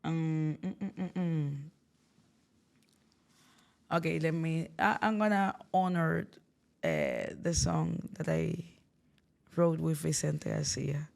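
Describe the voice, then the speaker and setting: A woman from Cuba with a Cuban Spanish accent talks as a guest singer, slow and unhurried, hunting for her words. Her voice is gravelly and sleepy, sitting a little low. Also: animated. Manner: thoughtful, searching for words. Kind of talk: casual interview chat.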